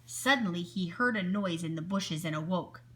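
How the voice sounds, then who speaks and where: A woman teacher reading a picture book aloud to children, expressive and asking her listeners questions. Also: lowish voice, moderate pace, slight background noise.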